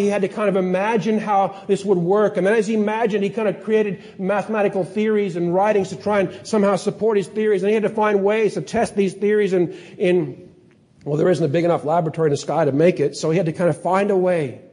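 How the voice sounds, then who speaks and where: A man preaching a sermon, telling stories with lively energy and sometimes acting out excited scientists in a higher voice. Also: fast talker. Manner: animated storytelling, acts out excited scientists in a higher voice. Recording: long hall reverb.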